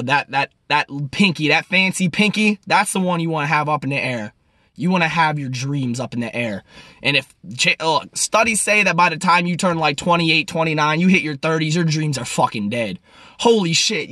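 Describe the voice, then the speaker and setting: A young man in his twenties ranting casually to camera, profane and rambling, swinging between loud outbursts and low mutters. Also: dry recording, clean studio sound. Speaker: vlogger.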